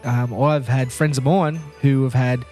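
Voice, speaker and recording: A man with an Australian accent, co-hosting a podcast in casual chat, quick, joking and agreeable. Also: medium pitch, fairly even intonation, darkish tone, soft background music. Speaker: podcast co-host.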